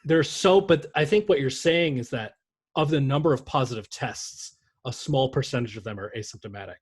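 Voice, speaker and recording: A man's voice: mid-range voice, fairly quick, breathy edge. A man co-hosting a casual sports podcast, rambling and joking with frequent swearing. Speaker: podcast co-host.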